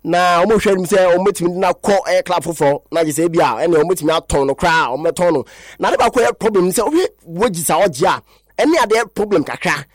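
A man's voice: high voice, lively intonation, fairly quick, no echo, studio quality. A man with a Ghanaian accent hosting a radio sports show, rambling through lists of player names and switching between languages. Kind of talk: sports talk radio chat.

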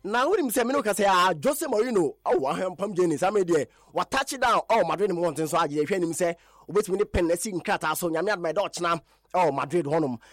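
A man with a Ghanaian accent presenting a radio sports news roundup, animated and emphatic, with repeated stresses on his points. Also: sits high, fast, no room sound, studio quality.

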